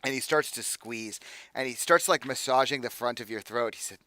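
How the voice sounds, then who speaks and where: A young adult man narrating as game master, casual and halting, with many fillers and restarts. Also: medium pitch, sharp tone.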